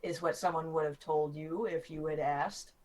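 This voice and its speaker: A woman narrating as game master in a tabletop game, lively and quick to act out townsfolk. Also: deep voice, rough recording.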